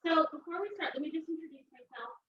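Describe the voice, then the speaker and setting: A woman's voice: sits high, quick pace, reverberant. A woman, telling a seminar audience her personal story in a chatty, rambling way with many fillers. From Texas. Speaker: seminar speaker. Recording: distant, dull, noisy room recording.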